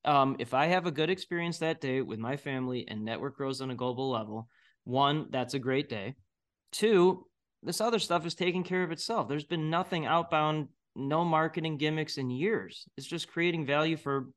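A man's voice: fairly high pitch, normal speed. A middle-aged man speaking bluntly and with strong opinions as an interview guest, often laughing mid-sentence. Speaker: guest entrepreneur. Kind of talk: casual interview talk.

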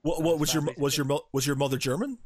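A man's voice: fairly high pitch, fairly even intonation, fast, husky, no room sound. A man hosting a podcast, chatting casually and joking with his guest, laughing easily. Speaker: podcast host.

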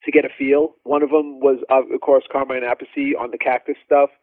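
A male drummer telling animated stories as a podcast guest, with lots of fillers and restarts. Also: medium pitch, brisk, no echo. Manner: animated, laughing storyteller, many fillers. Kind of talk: casual storytelling interview. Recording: dry phone-like line.

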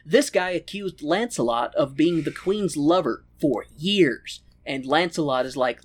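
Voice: mid-range voice, expressive, unhurried, few pauses. A podcast host recapping a film in casual chat, crude and sarcastic.

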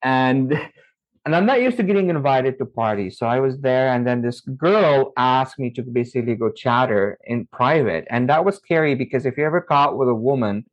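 A middle-aged man from Saudi Arabia, a podcast guest telling stories from his youth in an animated way. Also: medium pitch, normal speed. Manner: animated, acts out his own past dialogue. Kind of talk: interview storytelling. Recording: slightly muffled audio.

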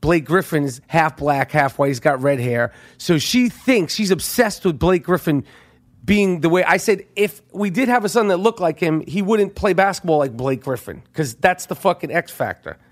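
At a moderate pace and with a fairly high pitch, a middle-aged man hosting a podcast rattles through a profane story, his animated delivery shifting from loud bursts to quiet asides.

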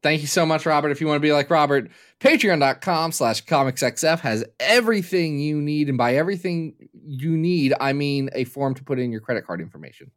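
A man's voice: fairly high pitch, expressive, a little fast, hardly any pauses, fairly bright tone. A man from Kentucky co-hosting a podcast in casual chat, joking and drifting into long explanatory tangents. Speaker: podcast co-host.

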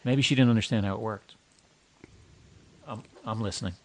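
A wry host trades quick jokes and swears freely in loose, casual talk. The delivery is relaxed and teasing. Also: medium pitch. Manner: wry, joking, swears freely, short backchannels. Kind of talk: casual chat.

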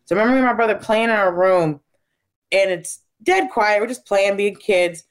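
An animated woman comedian telling family stories as a guest in casual talk. She jumps into quick voices for the people in her stories, and her pitch leaps around. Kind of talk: casual interview storytelling.

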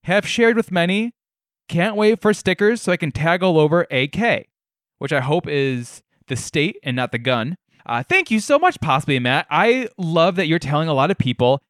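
A man's voice: fairly high pitch, lively intonation, normal speed, a bit bright, no echo, clean studio sound. A young man hosting a casual solo podcast from his living room, telling stories in a wry, self-deprecating way. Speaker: podcast host.

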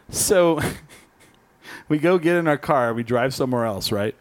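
A man telling a story in casual chat, animated and swearing freely. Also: a little high, measured pace.

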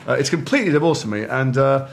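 A middle-aged man from Liverpool, a guest actor telling animated stories over a meal and acting out quoted voices. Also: medium pitch, quick pace, vocal fry, noisy background. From north of England, Liverpool. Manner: animated storyteller who acts out quoted voices. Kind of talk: casual chat over a meal. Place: restaurant table.

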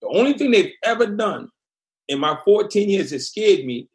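Brief: middle-aged man, slightly high voice, lively first-person storytelling guest. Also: normal speed. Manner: animated storyteller, acts out quotes. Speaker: podcast guest. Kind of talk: storytelling interview.

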